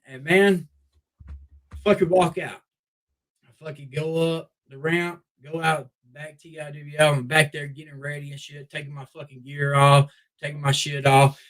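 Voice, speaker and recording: Young wrestler guy swearing thru an animated story, bit high voice. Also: rough recording. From Memphis Mid-South area. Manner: profane, animated, repeats "I was like". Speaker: wrestler guest. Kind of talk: casual storytelling.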